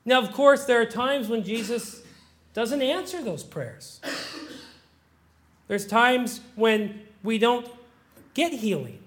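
A middle-aged man preaching a sermon as pastor, moving from quiet musing to loud, impassioned pleading as he acts out prayers. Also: very high-pitched, lively intonation, slow pace, long pauses.

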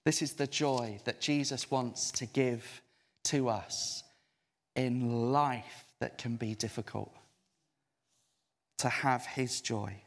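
A man preaching a sermon, expressive, drawing out key words for emphasis and getting his listeners to repeat phrases back. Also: medium pitch, in a large hall. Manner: expressive, drawn-out emphasis, audience call-and-response.

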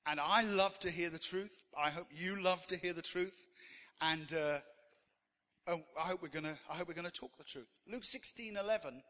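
A man preaches a sermon in an easy, conversational way, stopping often on "uh" as he tells stories. His voice is bright and pitched a bit high for a man. It rings out with the long reverb of a church hall. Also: moderate pace. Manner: conversational storytelling preacher with frequent "uh" fillers. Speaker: pastor.

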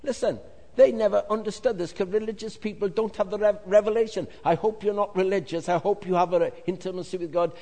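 Pastor preaching in a reverberant hall. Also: male voice, sits high, brisk. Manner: animated, jokey asides, swings from loud to hushed. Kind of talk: sermon. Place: large hall with congregation. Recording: long reverb of a large hall.

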